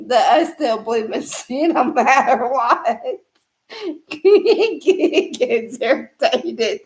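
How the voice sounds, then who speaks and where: Mujer alta y pausada que se ríe mucho. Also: female voice, sits high. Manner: laughs often, rambling. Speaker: live stream guest. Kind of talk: casual storytelling.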